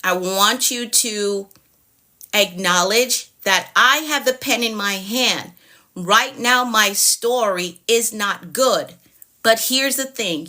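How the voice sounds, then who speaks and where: A woman's voice: medium pitch, a little slow, sharp tone. A woman coach talking on a live stream, encouraging, asking repeated questions and greeting viewers by name. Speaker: productivity coach. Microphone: phone or webcam on a live stream.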